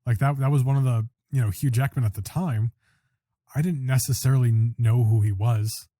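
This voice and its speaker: A man's voice: mid-range voice, steady tone, brisk, warm tone, no echo, studio quality. A man co-hosting a casual podcast chat, talking in a chatty, agreeable way with lots of "you know" and "like.". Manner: chatty, filler-heavy, agreeable. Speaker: podcast co-host.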